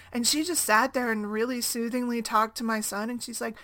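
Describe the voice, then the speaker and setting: A woman's voice: fairly high pitch, fairly even intonation, normal speed, fairly bright tone. A woman in her thirties speaking casually about her own life, chatty, often asking "right?" and laughing easily. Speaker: single mom blogger. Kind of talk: casual personal talk.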